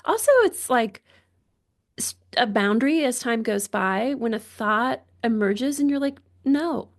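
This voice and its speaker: A woman's voice: on the high side, unhurried. A woman guest physician speaking reflectively in a podcast conversation, thoughtful and searching with restarts. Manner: thoughtful, searching, with frequent restarts and soft laughs.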